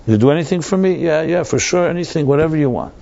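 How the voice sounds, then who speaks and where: A man's voice: on the high side, animated, fast, vocal fry, mellow, lo-fi sound, pitched above the performer's own voice. A man voicing a blustering, demanding nobleman. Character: rich, dim, hot-tempered nobleman.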